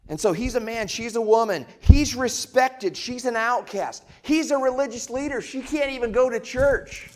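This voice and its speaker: A man preaching a sermon in a casual, conversational way, asking rhetorical questions and swinging between loud emphatic lines and quiet ones. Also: very high-pitched, normal speed, hardly any pauses. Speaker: pastor.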